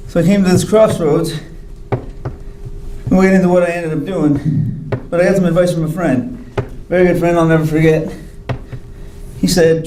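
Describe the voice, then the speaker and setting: A man's voice: fairly high pitch, warm tone, roomy sound, a little hiss or hum, low-quality recording. A man giving a hospital grand rounds talk, telling his own story candidly and wryly, acting out the people he quotes. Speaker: physician speaker. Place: hospital lecture hall.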